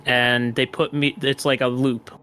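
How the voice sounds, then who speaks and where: A man's voice: mid-range voice, little pitch movement, measured pace, bright, forceful tone, slight background noise. A man guesting on a podcast, telling a story in a casual, rambling way with lots of fillers, restarts and swearing.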